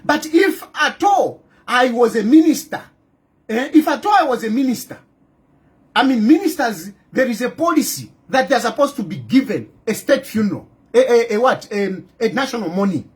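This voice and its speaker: Zambian guy ranting at politicians, pretty high voice, keeps asking the same question twice. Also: very animated, moderate pace, slightly rough. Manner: scolding, rhetorical, repeats his questions. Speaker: political commentator. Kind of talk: impassioned direct-to-camera address.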